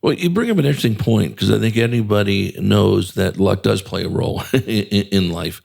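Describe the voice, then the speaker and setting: Gravelly low-voiced male host. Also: a little fast, darkish tone. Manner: rambling, filler-heavy, jovial. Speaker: radio show host. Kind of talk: casual interview chat.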